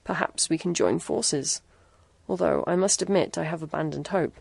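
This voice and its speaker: Woman doing a hoarse, sinister gaunt man. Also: a little mellow, dry recording, exaggerated voice. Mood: oily. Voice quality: hoarse, booming. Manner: slow, deliberate, falsely courteous. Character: sinister gaunt older man, creepy and oily.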